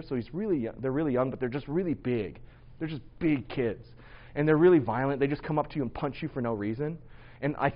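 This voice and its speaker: Male pastor, thirties, casual rambling sermon, candid, slightly muffled lo-fi recording. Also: mid-range voice. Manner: candid, rambling, lots of "like" and "right?". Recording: slightly dull lo-fi sound.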